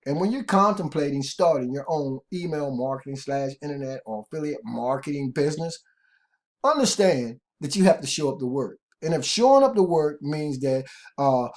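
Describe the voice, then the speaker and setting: A man hosting an online marketing video in a loose, conversational manner. His voice sits somewhat high for a man, and he wanders through his points with restarts, filler words and repeated asides to "guys". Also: darkish tone. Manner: rambling, repeats words, often addresses viewers as guys. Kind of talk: casual tutorial talk to camera.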